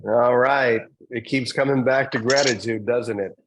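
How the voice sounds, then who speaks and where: A man hosting a spiritual community session, calling on members gently and laughing often. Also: mid-range voice, steady tone, moderate pace, no echo, poor audio. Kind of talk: casual warm group chat.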